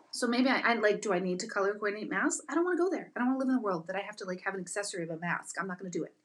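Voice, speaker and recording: A woman's voice: mid-range voice, lively intonation, racing. A middle-aged woman ranting casually on a live stream. She talks emphatically and mocks herself, with frequent laughter. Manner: emphatic, self-mocking, laughs often. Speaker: intuitive and meditation teacher hosting a live stream.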